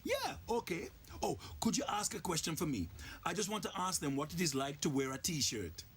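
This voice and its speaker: A man's voice: on the high side, lively intonation, moderate pace, husky, exaggerated voice. A man voicing a cheeky, self-promoting male shrunken head who keeps butting into an interview. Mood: eager.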